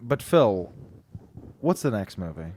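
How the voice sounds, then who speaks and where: A man's voice: very animated, takes it slowly, a little hiss or hum. A man co-hosting a movie podcast, riffing in crude comedic banter and laughing often. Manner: loud, swinging between shouty bits and low asides, laughs often. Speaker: podcast co-host.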